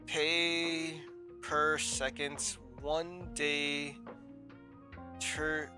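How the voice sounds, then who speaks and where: A man's voice: a little high, level tone, drawn-out words, over music. A man streaming a game, reading the text aloud while sick, stumbling and correcting himself.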